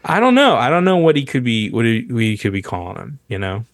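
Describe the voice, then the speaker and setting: A man co-hosting a casual comedy podcast, rambling and halting, with frequent laughs. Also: fairly low pitch, lively intonation, no room sound, clean studio sound. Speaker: podcast co-host.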